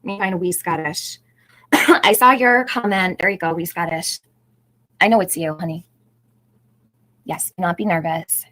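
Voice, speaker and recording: Chatty woman host, lowish voice. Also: normal speed, pauses often, bright, forceful tone, rough recording. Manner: chatty, greets viewers by name, laughs often. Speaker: livestream host. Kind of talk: casual livestream chat.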